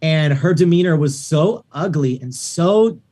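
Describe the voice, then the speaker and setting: A man, a record producer guest, chatting casually on a podcast and telling animated stories with acted-out quotes. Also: a little high, unhurried. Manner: animated storytelling, acts out quoted voices.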